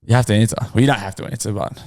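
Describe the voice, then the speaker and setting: A man's voice: on the low side, fairly even intonation, rapid-fire, gravelly, heavy background noise. A man with an Australian accent co-hosting a casual podcast, laughing often and swearing freely. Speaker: podcast co-host. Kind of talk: casual crude podcast chat.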